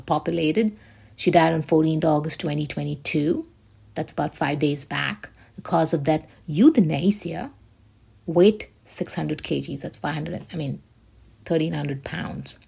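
Female host, casual solo commentary, rambling and blunt, lowish gravelly voice. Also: a little slow, a little mellow. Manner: rambling, emphatic, swears often. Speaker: show host.

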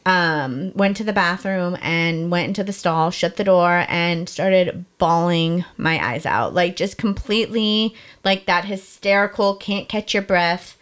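A young adult woman candidly telling a personal story, talking fast and emotionally with many "like" fillers. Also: fairly low pitch. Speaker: podcast guest sharing her story.

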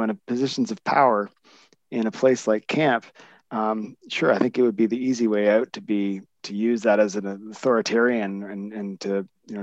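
A man's voice: medium pitch, darkish tone, no echo. A man hosting a podcast interview, reflecting on his guest's stories with frequent restarts. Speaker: podcast host. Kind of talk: conversational interview. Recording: dull dry lo-fi sound.

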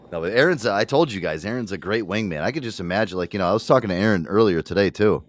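This podcast co-host, a middle-aged man, has a lowish voice and a quick pace. In relaxed conversation he tells animated stories about a friend, mimicking the voices of those involved and swearing frequently.

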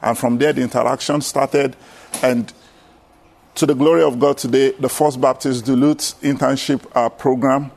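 A Nigerian-accented pastor speaking at a church panel, pausing often and filling the gaps. His voice has a gravelly edge. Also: mid-range voice, fairly even intonation, darkish tone. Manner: hesitant, with many fillers. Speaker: pastor and seminary student.

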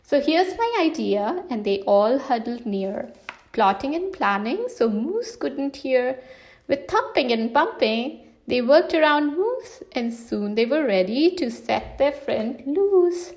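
Woman reading a rhyming kids' book aloud; high, slow, sing-song. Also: sing-song, a little mellow. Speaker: storybook reader. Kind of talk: children's storybook read-aloud.

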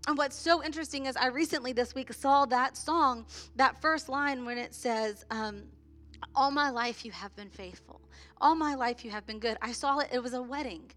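A woman in her thirties leading a church worship service, talking in a heartfelt, halting way with many restarts. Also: sits high, fairly bright tone. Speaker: worship leader. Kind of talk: sermon-style worship talk.

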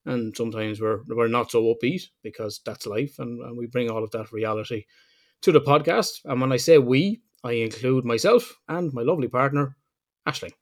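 A man's voice: mid-range voice, normal speed. A Northern Irish man hosting a podcast in casual chat. He swears freely and teases his co-host. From Northern Ireland.

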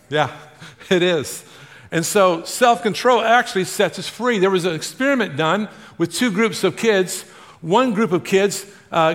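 A male pastor preaching a sermon to a congregation, drawing responses and swinging from loud emphasis to hushed. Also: high-pitched, long reverb tail.

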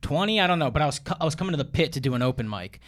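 A man's voice: fairly high pitch, rapid-fire. A man in his thirties, a comedian guest telling rambling stories in a casual podcast chat. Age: 30s. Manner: animated storyteller, rambling with restarts.

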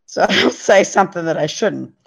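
A woman's voice: lowish voice, animated, brisk, creaky, breathy edge. A middle-aged woman, a podcast guest and parent, telling a story in an earnest, emphatic way. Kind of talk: casual storytelling. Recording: dull lo-fi sound.

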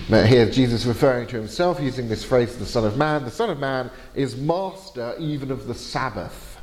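A man's voice: medium pitch, moderate pace, a little mellow. A man giving a university lecture, explaining step by step with frequent hesitations. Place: lecture hall. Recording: long hall reverb.

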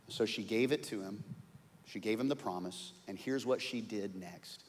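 A man preaching a sermon in an animated way, acting out the voices of the people in his story. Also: on the low side, normal speed, in a large hall. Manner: animated, acts out quoted voices. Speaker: pastor.

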